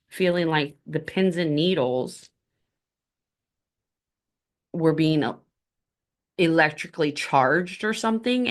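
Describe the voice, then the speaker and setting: A woman with a low-pitched voice tells her own story in an unhurried, candid way. Her tone is conversational, with a wry humor underneath, like a host talking directly to her listeners. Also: a bit bright. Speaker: spiritual podcast host. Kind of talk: personal storytelling.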